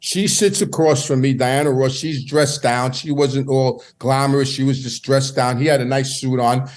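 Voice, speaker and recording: A man's voice: mid-range voice, steady tone, normal speed. A middle-aged man telling stories from his past in a casual, meandering way, often restarting his sentences. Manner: meandering, repeats words and restarts. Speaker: podcast guest. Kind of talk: casual storytelling.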